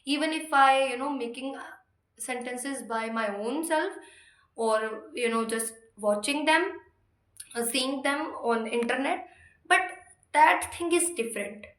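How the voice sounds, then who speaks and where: A woman with a high voice teaches English in a relaxed, explanatory way. Her tone is bright, and she restates every point several times. The room around her adds a noticeable echo. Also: unhurried. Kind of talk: informal explanatory lesson. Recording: roomy echo.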